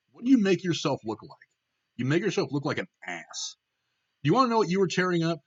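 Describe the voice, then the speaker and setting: A young man from Ohio with a fairly high voice hosts his own political commentary show, and the audio is dull. He rants bluntly and heatedly in a casual way, swearing heavily and frequently restarting his sentences.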